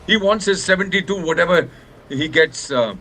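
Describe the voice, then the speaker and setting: A man's voice: sits high, moderate pace, bright, forceful tone, slight background noise. An older man with an Indian English accent speaking as a news panel guest, impassioned and indignant, slipping into Hindi phrases. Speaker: panel guest, former ambassador. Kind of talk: heated panel debate.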